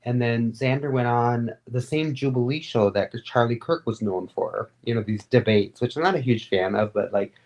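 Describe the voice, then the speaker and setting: A woman being interviewed, telling stories in a rambling, animated and candid way, with frequent fillers. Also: a bass voice, moderate pace, few pauses. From Florida. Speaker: guest, advocate and radio host. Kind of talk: casual interview storytelling.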